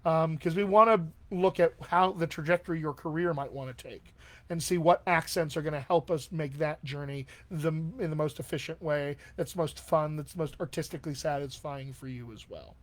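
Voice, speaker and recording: A man coaching actors on accents during a live stream question session. His voice sits a bit above the usual male pitch, and he talks in an encouraging, unscripted way. He leans on frequent fillers between his points. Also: moderate pace, fairly bright tone. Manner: encouraging and conversational, many fillers. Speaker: dialect coach. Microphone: webcam or desk mic on a live stream.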